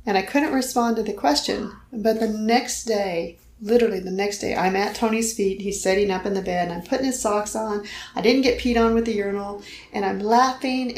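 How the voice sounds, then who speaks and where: A woman's voice: medium pitch, darkish tone, echoey room, a little hiss or hum, rough recording. A middle-aged woman earnestly telling a personal faith story in conversation, acting out the voices she quotes. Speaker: guest telling her story.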